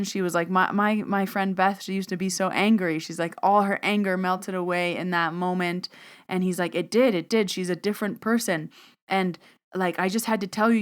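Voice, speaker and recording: A woman with a mid-range, fairly bright, smooth voice hosts a podcast and tells a personal story casually. She's a podcast host and medium, chatty and full of "like," acting out quoted back-and-forth exchanges.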